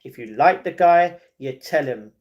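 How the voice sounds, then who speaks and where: A man's voice: on the high side, expressive, unhurried, highs cut off. A man chatting casually on a livestream and giving viewers blunt, repetitive advice. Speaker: streamer. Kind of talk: casual livestream chat, reading viewer comments.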